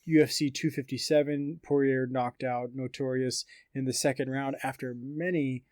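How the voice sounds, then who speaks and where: A man's voice: medium pitch, little pitch movement, normal speed, a little mellow, dry recording, studio quality. A man co-hosting a casual podcast, rambling through fight news with lots of fillers and reading quotes aloud. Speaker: podcast co-host.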